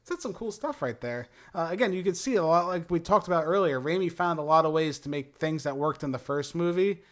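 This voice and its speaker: A man's voice: a little high, expressive, fairly quick. A young man co-hosting a casual movie review chat, talking with enthusiasm and now and then slipping into a showy announcer tone. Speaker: movie review show co-host.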